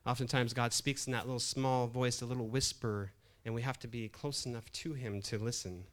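A man's voice: mid-range voice, fairly even intonation, a little fast. Man preaching in a conversational sermon. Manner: conversational preaching with repeated restarts and rising emphasis. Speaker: pastor.

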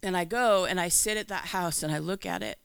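A woman giving a candid, animated personal faith testimony, acting out her own lines of dialogue as she tells it. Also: lowish voice, brisk, vocal fry, clean tone, no echo. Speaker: Christian speaker.

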